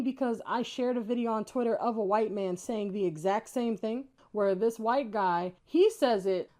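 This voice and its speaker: A woman YouTube commentator rambles indignantly through a response video, rebutting casually and saying "like" often. Her voice is fairly high with a darkish tone.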